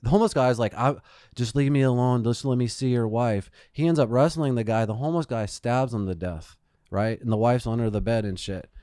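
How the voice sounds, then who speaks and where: A man's voice: mid-range voice, brisk, dark tone, no echo. Casual male podcast co-host, profane rambling storyteller, clean dry close-mic sound. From Phoenix, Arizona. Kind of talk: casual chat.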